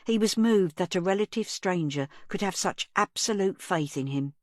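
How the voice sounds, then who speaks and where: A woman reads an audiobook as scripted narration, with a measured, even storytelling delivery. Her voice sits in the mid-range, and the recording is dry with clean studio sound.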